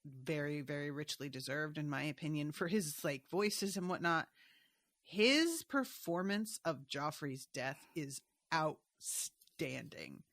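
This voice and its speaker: A woman's voice: deep voice, lively intonation, slow, fairly bright tone, no room sound, clean studio sound. A woman co-hosting a podcast, giving blunt, opinionated takes with casual swearing. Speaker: podcast co-host. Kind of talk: casual book-discussion podcast chat.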